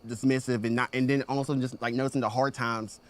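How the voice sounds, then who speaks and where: A man on a reality show reunion talks in a hesitant, defensive way, stammering and restarting his sentences. His voice sits at an ordinary middle pitch. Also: flat delivery, a little fast. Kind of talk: reunion conversation.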